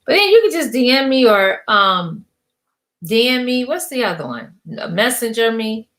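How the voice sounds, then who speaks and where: A woman's voice: on the high side, lively intonation, a little slow, a bit bright. A middle-aged woman coaching her viewers in an emphatic, preachy motivational rant, casual and full of slang and repetition. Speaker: business coach.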